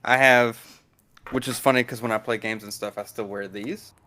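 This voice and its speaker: A man in his thirties or older talks as a guest in a relaxed conversation. He explains things patiently and at length, with a voice sitting in an ordinary middle register. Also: medium pitch, normal speed, background noise. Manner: patient, explanatory, chuckles while talking. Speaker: deaf guest on a study stream.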